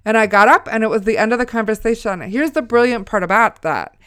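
A woman's voice: on the high side, quick pace, fairly bright tone, smooth, no room sound, clean studio sound. A middle-aged woman, a mother, telling a faith story in an earnest, exhorting way. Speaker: mother sharing a faith testimony. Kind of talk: Christian storytelling talk.

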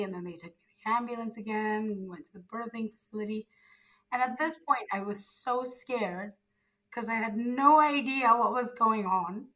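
Young woman from zimbabwe, bright voice, chatty storyteller who acts out the quotes, lots of "like" and "you know". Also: mid-range voice, normal speed, rough recording. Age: young adult. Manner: animated storyteller, acts out quoted dialogue, frequent fillers. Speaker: guest. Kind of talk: casual storytelling interview.

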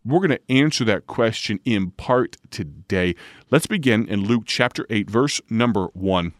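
A man, a radio preacher reading scripture and teaching in a slow, measured way, drawing out key words. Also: lowish voice, animated, no echo, studio quality.

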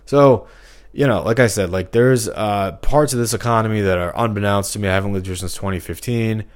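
A man's voice: fairly low pitch, fast talker. A man talking alone in a rambling podcast monologue, full of fillers and restarts.

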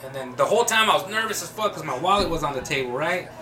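A man spinning a long story among friends, loose and profane, checking in with his listeners every few sentences. His voice sits a little above the usual male range. He sounds relaxed and talkative. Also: a little high, quick pace, over music. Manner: profane, rambling storytelling with lots of "you know what I mean". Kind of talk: casual chat.

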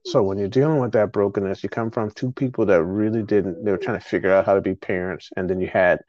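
A man's voice: lowish voice, steady tone, fast talker. A middle-aged man hosting a podcast, talking in a rambling, emotional way with frequent restarts. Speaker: podcast host. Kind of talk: casual conversation. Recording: dull lo-fi podcast audio.

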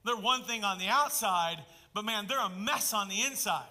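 A man delivering a sermon to his congregation. His voice sits fairly high and rings bright and forceful. He swings from emphatic, loud bursts down to hushed, intimate asides. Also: lively intonation, normal speed. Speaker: pastor.

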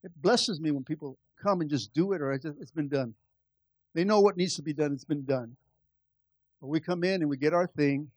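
A man's voice: a little high, fairly quick, darkish tone, breathy edge, no echo. A man pastor preaching a conversational sermon, calling out to the church and building to impassioned stretches. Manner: impassioned, rising in volume.

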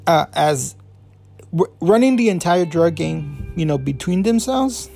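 Gravelly man chatting on a podcast. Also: a little high, expressive, a little slow, darkish tone, faint music behind. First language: Spanish speaker. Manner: rambling, full of fillers and restarts. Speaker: podcast host. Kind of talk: casual review talk.

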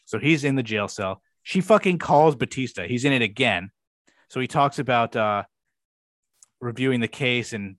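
A man's voice: medium pitch, moderate pace, a bit bright, no echo. A young man co-hosting a podcast, rambling through a show recap in casual chat, swearing freely and acting out quoted lines. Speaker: podcast co-host.

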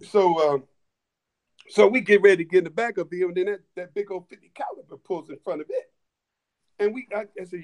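Guest storyteller: man, fairly high voice, animated, restarts often, casual chat. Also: fast talker. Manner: animated, repetitive restarts, laughing asides.

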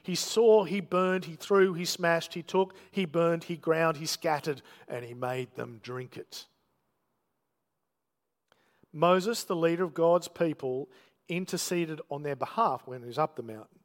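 A man's voice: fairly high pitch, a little slow, big-room sound. A man preaching a sermon, telling the story with emphatic, dramatic delivery and quoted lines.

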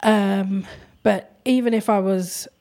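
A woman who runs an art gallery, talking in a thoughtful, hesitant way with many pauses and ums. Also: mid-range voice, steady tone, darkish tone. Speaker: gallery owner. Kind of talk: casual conversation.

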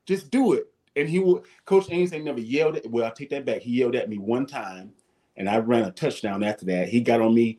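Man spinning animated stories. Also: medium pitch, brisk. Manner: animated, swears casually, acts out voices. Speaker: guest, former football player. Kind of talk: casual storytelling.

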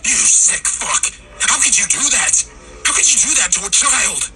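Guy doing a furious cop yelling way high and loud, music behind. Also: very animated, brisk, full character voice. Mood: enraged. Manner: screaming, enraged. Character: frantic furious male police detective.

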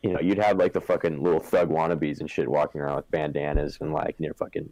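A man's voice: rumbling low, flat delivery, quick pace, vocal fry, a little mellow, dry recording, poor audio. A young man from Southern California in casual chat, rambling with lots of swearing and filler words.

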